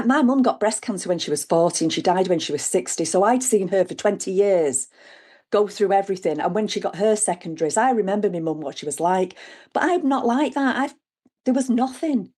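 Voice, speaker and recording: A middle-aged woman, telling her own story in a chat and acting out what people said. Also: medium pitch. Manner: lively, animated retelling with acted quotes. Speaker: guest sharing her story. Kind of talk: conversational storytelling.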